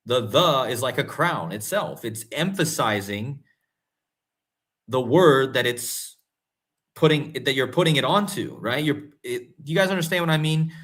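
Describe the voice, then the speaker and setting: A man hosting casual conspiracy commentary, talking straight to his viewers and growing excitable and incredulous. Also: medium pitch, unhurried. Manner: excitable, rising to incredulous emphasis; talks to viewers directly, often calling them guys and folks. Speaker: host.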